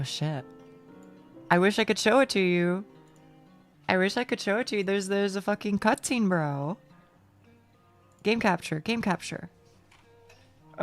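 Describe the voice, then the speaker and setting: A young woman streaming a game live, chatty and excitable, swearing freely and reading out chat. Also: medium pitch.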